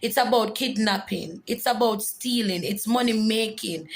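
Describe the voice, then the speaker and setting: A woman's voice: mid-range voice, moderate pace, creaky, rough recording. A woman giving an earnest, emotional personal testimony in a vlog. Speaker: vlogger.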